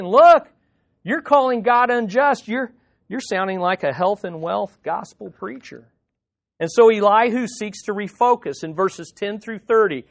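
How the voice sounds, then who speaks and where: A man's voice: sits high, a bit bright. A man preaching an expository sermon, reading scripture aloud and explaining it emphatically, with frequent questions to the congregation. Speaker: pastor.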